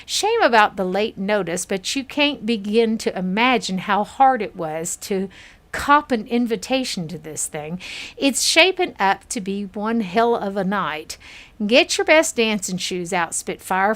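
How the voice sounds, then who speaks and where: A woman's voice: medium pitch, animated, measured pace, a bit bright. A woman from Kentucky voicing a brash, folksy Texan man who reads out a flirty letter in a video game. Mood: folksy, breezy. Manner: folksy, reading a letter aloud in character.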